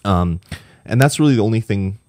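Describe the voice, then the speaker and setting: Young male podcast co-host, deep voice, rambling and weary, dry close sound. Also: animated, brisk, a little mellow, dry recording. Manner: rambling, many ums and restarts. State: tired, punch-drunk late at night. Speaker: podcast co-host reviewing a game. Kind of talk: casual podcast chat.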